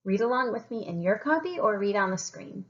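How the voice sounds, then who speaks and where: A woman teacher reading a story aloud to children, expressive and encouraging. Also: mid-range voice, a little fast, dull audio.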